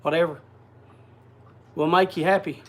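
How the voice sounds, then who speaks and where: A man's voice: on the high side, steady tone, normal speed, a bit bright. A man hosting a casual livestream, chatting and greeting viewers by name. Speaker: livestream host. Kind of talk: casual chat.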